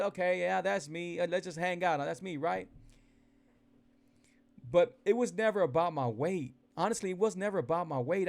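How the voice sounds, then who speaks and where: A man with a slightly high voice chats on a livestream. He speaks in a lively, folksy way and often repeats himself. He keeps turning to the viewers to address them directly. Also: vocal fry. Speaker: keto weight-loss vlogger. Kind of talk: casual livestream chat to followers. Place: indoors, livestreaming.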